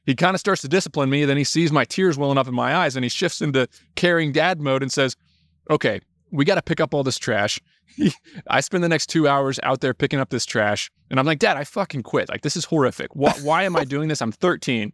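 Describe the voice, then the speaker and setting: A young adult man, a podcast guest, telling animated stories in casual talk, swearing freely and acting out quotes. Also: fairly high pitch, quick pace, no echo, studio quality. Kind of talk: casual storytelling.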